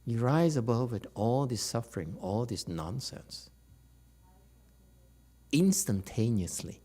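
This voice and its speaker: A man giving a lecture at a temple, animated and teasing, often checking whether the audience understands. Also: medium pitch, slow. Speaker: Buddhist teacher. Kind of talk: dharma lecture.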